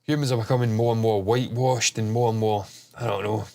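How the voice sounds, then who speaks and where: A man's voice: lowish voice, steady tone, quick pace, vocal fry, dark tone. Brief: male host, blocked nose, loose rambling delivery, casual swearing. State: stuffed-up nose. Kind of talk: casual chat stream.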